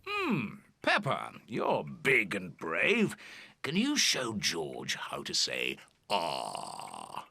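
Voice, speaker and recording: Calm cartoon bear doctor; low gravelly voice, swoops widely, reassuring. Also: male voice, very slow, no echo, full character voice. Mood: cheery. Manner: calm, reassuring bedside manner. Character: kindly male bear doctor, calm and gentle. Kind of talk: children's cartoon voice acting.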